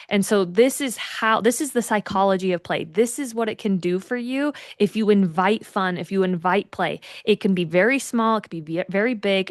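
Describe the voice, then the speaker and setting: A woman's voice: mid-range voice, dry recording, studio quality. A young adult woman, a mother, co-hosting a casual podcast and sharing personal stories earnestly. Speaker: podcast co-host.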